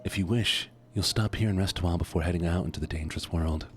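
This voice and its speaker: Man voicing a video game bug pilgrim, old, weary, pious, low voice. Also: fast talker, a little hiss or hum, lightly acted. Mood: solemn. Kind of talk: reading game dialogue aloud.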